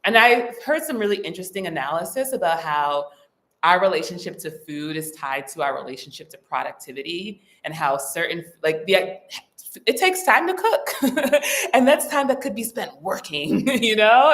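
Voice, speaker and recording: A woman chatting on a relaxed livestream, reading out viewer comments and riffing on them. Her pitch swings widely and her talk bounces with frequent laughter and quick asides. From United States. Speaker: livestream host reading chat. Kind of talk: casual livestream chat.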